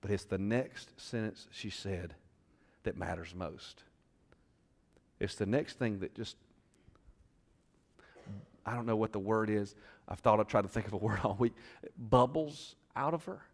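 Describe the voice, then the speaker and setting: A male pastor preaching a sermon, retelling a scripture story dramatically and questioning the congregation, moving between loud bursts and hushed moments. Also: fairly low pitch, a little slow, vocal fry, long pauses. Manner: conversational, asks the crowd questions.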